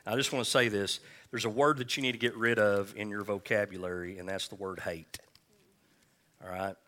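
Male pastor, lower register, pointed edgy delivery; casual preaching with jokes and call-and-response. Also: steady tone, bright, forceful tone. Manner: folksy, joking asides, scripture read slowly. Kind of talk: conversational sermon with call-and-response.

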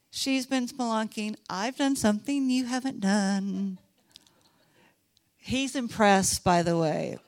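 A middle-aged woman from Texas, preaching a Bible lesson in a high voice and an unhurried pace. She is animated and chatty, and she teases her listeners. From Dallas, Texas. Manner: animated, chatty, teasing the audience. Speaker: Bible teacher. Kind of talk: sermon.

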